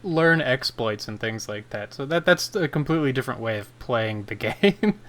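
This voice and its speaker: A man chats on a gaming podcast in a relaxed, conversational way. His pitch sits right in the middle. He likes to retell funny stories and act out the quotes. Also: normal speed. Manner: animated storyteller, acts out quotes. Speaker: podcast co-host. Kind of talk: casual gaming chat.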